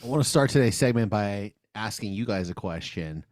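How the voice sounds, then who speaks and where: A man's voice: fairly low pitch, expressive, fairly quick, a little mellow, no room sound, studio quality. A man co-hosting a comedy podcast, chatting casually and playfully about food and joking around. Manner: playful, slips into joking mock accents. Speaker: podcast co-host, food segment host.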